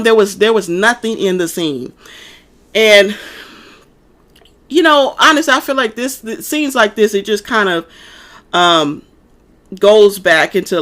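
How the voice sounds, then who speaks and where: A woman's voice: medium pitch, a bit bright. A woman rants casually about a film. She talks bluntly and swears freely. She wanders through her points with many fillers and restarts. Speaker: movie reviewer. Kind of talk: casual rant.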